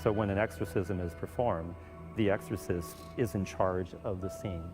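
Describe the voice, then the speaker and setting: A man, a Catholic exorcist priest, calmly telling his experiences in an interview and acting out the voices he heard. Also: low-pitched, normal speed, over music. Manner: calm storytelling, acts out voices.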